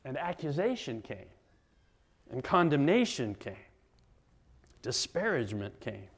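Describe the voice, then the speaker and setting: A middle-aged man preaching a sermon as a pastor, dramatic, swinging between loud emphasis and hushed near-whispers. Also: medium pitch, lively intonation, moderate pace, long pauses.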